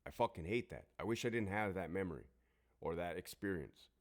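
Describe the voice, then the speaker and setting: Middle-aged guy w a lowish voice, cussing a lot, just talking straight to camera about his past. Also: expressive, a little fast. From Southern California. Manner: blunt, heavily profane, emphatic. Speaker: former prison guard and military veteran. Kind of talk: casual storytelling monologue.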